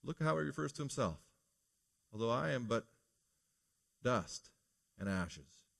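A man's voice: medium pitch, expressive, a little slow, vocal fry, a bit bright. A man preaching a morning sermon as pastor, earnest and preacherly, putting rhetorical questions to his congregation.

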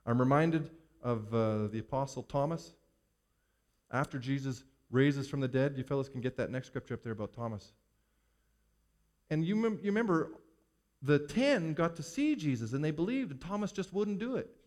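A man's voice: mid-range voice, lively intonation, moderate pace, darkish tone. A man preaching a sermon to his congregation, using rhetorical questions and acting out the words of Bible figures in short quoted lines. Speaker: pastor.

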